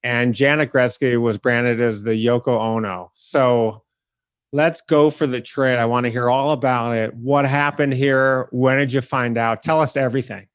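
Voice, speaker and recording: A man's voice: medium pitch, fairly even intonation, moderate pace, clear, resonant tone. A man hosting an interview, eagerly prompting his guest to tell the story. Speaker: podcast host. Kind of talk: interview questions.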